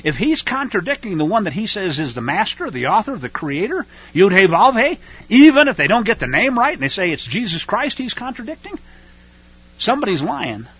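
A man's voice: sits high, big pitch swings, a little fast, a bit bright, breathy edge. A man preaching a radio sermon in a fiery, emphatic and scornful way. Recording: dull lo-fi radio recording.

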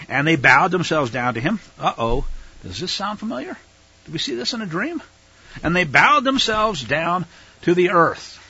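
A man's voice: on the high side, pushed and bright, husky, dull audio. A man teaching a Bible passage verse by verse in a casual, conversational way with asides. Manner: conversational, explaining, with fillers and asides.

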